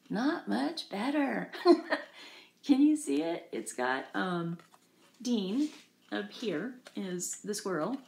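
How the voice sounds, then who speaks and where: A middle-aged woman with a low, gravelly voice talks through her supplies at home, chatty and self-deprecating. She trails off and laughs often, and the room around her rings with echo. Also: slight background noise. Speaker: craft vlogger showing cross-stitch supplies. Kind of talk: casual rambling show-and-tell.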